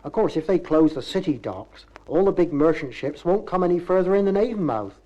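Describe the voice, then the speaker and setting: A man's voice: fairly high pitch, animated, brisk, mellow, highs cut off. Wry Bristol-accented man telling stories. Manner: chatty, wry, folksy storytelling. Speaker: narrator. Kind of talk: humorous spoken-word monologue.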